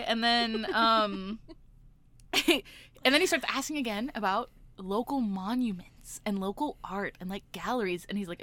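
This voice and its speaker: A woman's voice: a little high, moderate pace. A young woman telling a story in casual podcast chat, acting out the people in it and laughing often. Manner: animated storytelling, acts out callers, laughs often. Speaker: podcast co-host.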